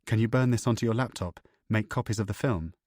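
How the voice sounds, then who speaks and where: A man voicing a tense man who speaks in a hushed, urgent way, over loud background music. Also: fairly low pitch, quick pace, no room sound, clean studio sound, lightly acted. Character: tense man hiding from surveillance. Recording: loud music bed under voice.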